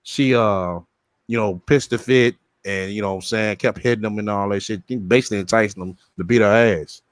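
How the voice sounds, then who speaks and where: A man's voice: lowish voice, steady tone, brisk, no room sound. Blunt, profane man ranting. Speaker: podcast host. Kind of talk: casual commentary chat.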